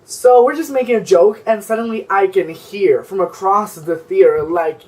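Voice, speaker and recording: A man's voice: sits high, moderate pace, hardly any pauses, a little mellow, distant mic, rough recording. A young man telling a story-time vlog in a sassy, profane, rambling way, filling his talk with "like". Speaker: vlogger.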